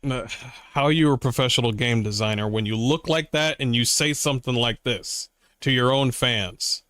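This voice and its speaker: A man streaming from his room, giving excitable, profane reaction commentary and mocking people with voices. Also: medium pitch, moderate pace, clean tone, dry recording. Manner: excitable, swears often, mocks with voices.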